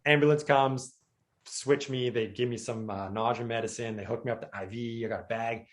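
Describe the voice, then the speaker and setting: A man telling a personal story in casual chat, animated and acting out the people he quotes. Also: mid-range voice, moderate pace. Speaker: storyteller recounting his crash.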